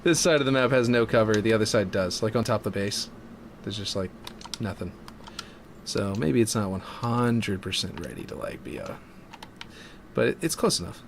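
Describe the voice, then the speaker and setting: A man's voice: on the low side, normal speed, creaky, pauses often, slight background noise. A man streaming while building a game map, chatting casually and thinking aloud as he trails off. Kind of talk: casual chat while working.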